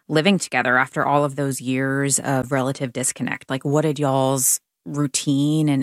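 Curious interview host, mid-pitched, dry. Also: dry recording. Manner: curious, probing, with casual fillers. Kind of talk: conversational interview questions.

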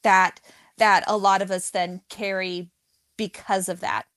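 A woman comedian who stutters, giving candid, animated answers in an interview and laughing often. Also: medium pitch, a little slow. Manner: stutters, with repeated sounds.

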